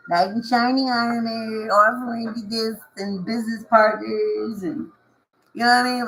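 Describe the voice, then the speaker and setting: A tarot reader talks straight to the viewers in loose, slangy speech. The reader repeats key phrases and keeps a reassuring, coaching tone, with a mid-range voice. Soft music sits faintly underneath. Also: medium pitch, steady tone, moderate pace, rough recording. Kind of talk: casual tarot reading to viewers.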